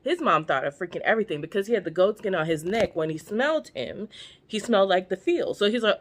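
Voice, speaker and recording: A woman's voice: mid-range voice, lively intonation, a little fast. A woman vlogger chatting casually as she retells a Bible story, slangy and full of offhand asides.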